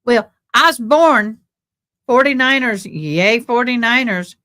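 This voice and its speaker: A woman with a Texan accent hosts a casual livestream chat. She speaks slowly and rambles, and her voice sits a little high. She keeps stopping to thank her viewers. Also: lively intonation, sharp tone. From born in Tennessee, raised in Texas. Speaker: livestream host.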